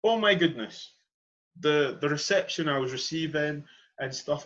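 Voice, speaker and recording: A young man from Edinburgh, Scotland, hosts a podcast in an earnest conversational monologue, speaking with passion and stressing and repeating his key points. His voice is on the high side and fairly bright, unhurried in pace, and the sound is lo-fi.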